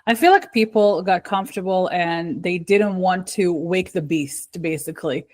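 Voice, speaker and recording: A woman hosting a podcast, asking questions in a casual, soft-spoken and slightly hesitant manner. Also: fairly low pitch, moderate pace. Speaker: podcast host. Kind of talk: conversational interview.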